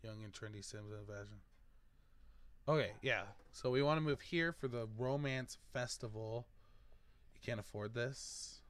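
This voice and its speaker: A man's voice: medium pitch, measured pace, fairly bright tone, clear, resonant tone. A man hosting a gaming video, chatting casually and thinking aloud as he picks options. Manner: rambling, thinking aloud while choosing options. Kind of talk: casual let's-play commentary.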